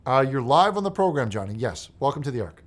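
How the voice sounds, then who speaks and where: A man hosting a comedic call-in show in the style of a preacher. He swings between mumbled reading of messages and loud, exasperated ranting. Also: mid-range voice, sing-song, fast.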